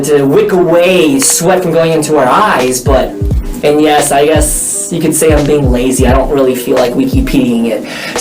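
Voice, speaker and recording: A young man cracking jokes at his own expense as he chats to viewers, his voice swinging up and down with lively energy. He sounds a bit far from the mic in a roomy, echoey space, with music running underneath. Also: on the high side. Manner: joking, playful, self-teasing. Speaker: vlogger. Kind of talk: casual vlog talking to viewers. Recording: echoey room, mic at a distance, music behind.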